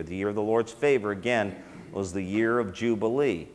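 A man's voice: lowish voice, moderate pace, few pauses. Man preaching in a reverberant hall. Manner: conversational preaching with many fillers and restarts. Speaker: teacher of a ministry school. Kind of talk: sermon-style teaching.

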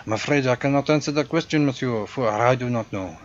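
A proud, dutiful French concierge, played by a man in a put-on French accent, courteous and theatrical with a morbid streak. The voice sits higher than his own, bright and projected. The sound is dull and lo-fi, with faint noise behind it. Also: fairly quick, close to an everyday voice. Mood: formal, theatrical. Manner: polite, theatrical, gleefully morbid.

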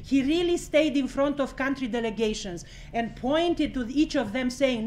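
A woman's voice: high voice, normal speed, darkish tone, a little hiss or hum. A woman giving an impassioned, blunt address at a press conference, swearing freely and laughing between her points.

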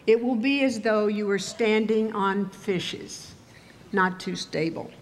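An older woman from Texas giving a commencement speech, telling stories in a measured, wry way. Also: medium pitch. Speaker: commencement speaker. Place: ceremony venue with audience.

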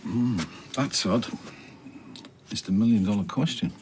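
An actor playing a smooth, joking businessman. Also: fairly low pitch, a little slow, close to an everyday voice. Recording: noisy TV drama audio.

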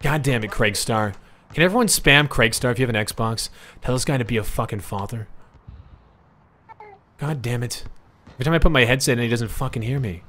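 A man's voice: mid-range voice, fairly quick, long pauses, sharp tone, a little hiss or hum. A young man streaming a video game live, swearing in frustration and ranting as a baby cries over the voice chat. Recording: music playing behind. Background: game music and a baby crying.

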